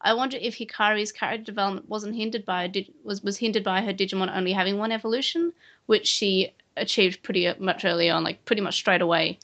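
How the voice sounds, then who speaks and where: A woman's voice: mid-range voice, steady tone, quick pace, fairly bright tone, highs cut off. A woman co-hosting a podcast in casual chat, playful and chatty, rambling with frequent restarts. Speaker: podcast co-host.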